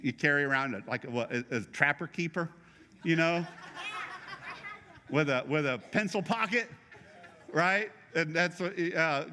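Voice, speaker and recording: A man's voice: fairly high pitch, pushed and bright, in a large hall, a little hiss or hum. A middle-aged male pastor preaching a sermon in a conversational, joking way, teasing his congregation.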